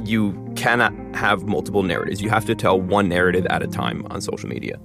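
A man in his twenties, a linguist and content creator, explaining his work in a quick, animated way in an interview. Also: sits low, vocal fry, over music. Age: 20s. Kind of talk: interview answers.

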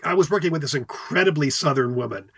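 A man's voice: fairly high pitch, fast talker, fairly bright tone, breathy edge, no echo, studio quality. A man co-hosting a podcast from home, chatting with enthusiasm and telling stories. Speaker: podcast co-host. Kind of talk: casual chat. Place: home studio.

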